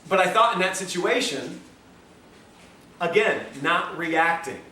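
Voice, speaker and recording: A man's voice: sits high, expressive, slow pace, sharp tone. A man giving a health lecture to a live class, telling stories and acting out the dialogue, laughing often. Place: lecture room. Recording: echoey lecture room, distant mic, faint hiss.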